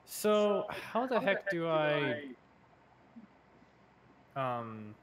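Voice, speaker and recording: Hesitant game master with crowd behind. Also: male voice, fairly high pitch, big pitch swings. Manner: hesitant, many ums and pauses. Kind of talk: casual tabletop game chat.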